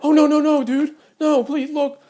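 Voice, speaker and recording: A man voicing a panicky young male neighbor who begs frantically in a high voice. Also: little pitch movement, moderate pace, dark tone. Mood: panicked. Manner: frantic, high-pitched begging.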